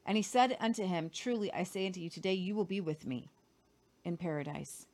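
A woman's voice: fairly low pitch, a little fast, a little mellow. A woman co-hosting a Christian show, reading scripture aloud with casual commentary. She reads earnestly and sometimes stumbles and repeats words.

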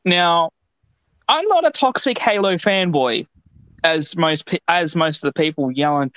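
This Australian podcast co-host rambles casually, spinning animated stories in a clear, resonant voice on the high side, speaking a little slowly. There's no room sound, though the podcast audio is dull and lo-fi.

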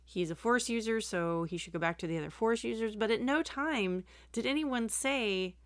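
A middle-aged woman co-hosting a podcast in casual chat with her grown child, animated and quick to laugh, acting out quotes. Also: on the high side, no echo, clean studio sound. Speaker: podcast co-host. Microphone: home computer microphone, remote call.

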